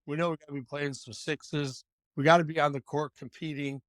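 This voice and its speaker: A man hosting a podcast who asks rambling questions full of fillers. His voice sits a little high for a man. The sound is close and dry. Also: fairly even intonation, a little fast, dry recording. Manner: loose, filler-heavy questioning. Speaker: podcast host, coach trainer. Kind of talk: casual podcast interview.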